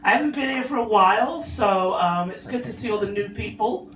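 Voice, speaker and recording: A woman's voice: medium pitch, brisk, fairly bright tone. A middle-aged woman with a London accent doing a stand-up set at an open mic, with a dry, self-mocking delivery. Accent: London English. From England. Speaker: stand-up comedian. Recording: echoey room from far off, faint hum.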